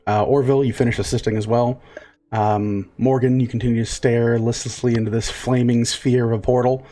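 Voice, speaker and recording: Game master, man, mid pitch, halting narration with lots of ums. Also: little pitch movement, dark tone. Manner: hesitant, many fillers.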